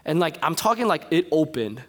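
A young man preaching a sermon, telling a personal story with animated energy before turning to soft, earnest exhortation. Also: fairly high pitch, a little fast. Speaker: pastor.

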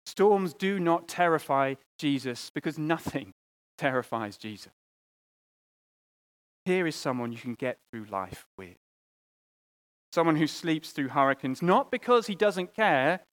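A man preaching a sermon, earnest, often repeating words and swinging between loud appeals and quiet, hushed lines. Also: a little high, lively intonation, unhurried, pauses often.

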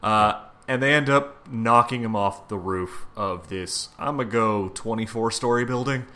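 A man's voice: on the low side, moderate pace, pushed and bright. A man co-hosting a casual podcast, recapping a story in a laid-back way with casual swearing. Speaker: podcast co-host. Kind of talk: casual chat, recapping a comic.

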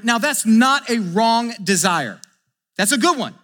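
A man, a pastor, preaching a sermon, animated as he acts out scripture dialogue and drops into quiet asides. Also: sits high, normal speed, long reverb tail.

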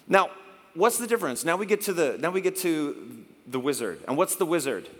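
A middle-aged man preaching a sermon in a chatty, animated way, often acting out little exchanges. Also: on the high side, brisk. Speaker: pastor. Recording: long hall reverb.

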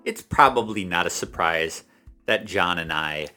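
A man's voice: low-pitched, expressive, measured pace, sharp tone, faint music behind. A man co-hosting a casual podcast, blunt and jokey, swearing freely. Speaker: podcast co-host.

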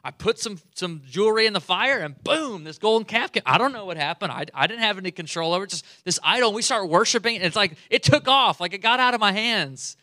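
Guy doing a whiny little-kid-sounding priest, soft and pleading, up high. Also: expressive, fast, hardly any pauses, dry recording, clean studio sound. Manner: soft-spoken, pleading, childlike. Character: whiny excuse-making male priest, childlike. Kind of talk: sermon storytelling.

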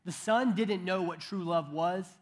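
A man in his thirties preaches with a notably high-pitched voice. He keeps it conversational, slipping in joking asides and restarting his sentences as he goes. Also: measured pace. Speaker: pastor. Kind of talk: sermon.

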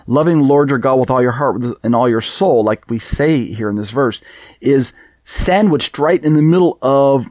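A man's voice: mid-range voice, normal speed, a little mellow, dry recording. A man teaching a scripture study, reading verses aloud and Hebrew passages in a conversational way with fillers. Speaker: Bible teacher.

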